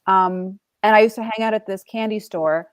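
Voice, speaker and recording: A woman in her forties with a Brooklyn accent, a guest actress telling animated, self-deprecating stories in a casual interview and acting out the quotes. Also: medium pitch, moderate pace, clean tone, no room sound. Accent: Brooklyn New York.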